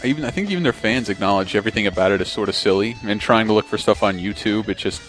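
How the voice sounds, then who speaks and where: A man's voice: lowish voice, fast, fairly bright tone. Male co-host, easy jokey banter, profane, faint music bed. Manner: joking, swearing, laughs a lot. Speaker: podcast co-host. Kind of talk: casual chat about video games.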